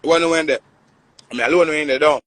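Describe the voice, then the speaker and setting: A man's voice: on the high side, racing, fairly bright tone. A man in his thirties with a Jamaican Patois accent, ranting on a casual live stream in an emphatic, repetitive, boastful way. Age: 30s.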